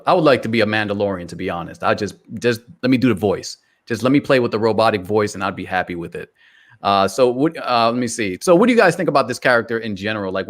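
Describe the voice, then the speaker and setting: A man hosting a casual fan discussion, laid-back, often laughing and putting questions to his co-hosts. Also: on the low side. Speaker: podcast host. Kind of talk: casual chat.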